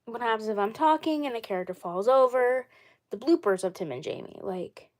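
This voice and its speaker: A woman with a fairly high voice talks on her own live stream in a loose, casual way. She rambles and circles back, repeating the same phrases again and again. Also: animated, brisk. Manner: rambling and repetitive. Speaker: channel host.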